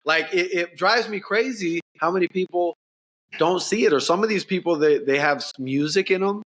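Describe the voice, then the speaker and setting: Man, fairly high voice, tattoo artist guest, passionate, casual slang, many restarts, remote call. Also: normal speed, a bit bright. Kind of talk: casual interview chat.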